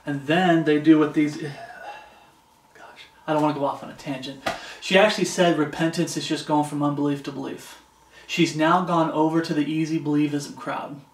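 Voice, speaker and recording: A male preacher with a fairly high voice gives an informal, earnest sermon, repeating phrases for emphasis and stopping to read scripture. He stands some way from the mic, and the room answers with a noticeable echo. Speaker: pastor. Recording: echoey room, distant mic.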